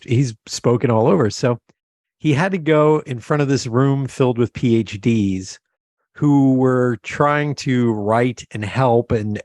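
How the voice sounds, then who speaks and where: Animated male host telling a story, dry sound. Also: mid-range voice, no room sound. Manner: animated storyteller who acts out quotes. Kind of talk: interview conversation, storytelling.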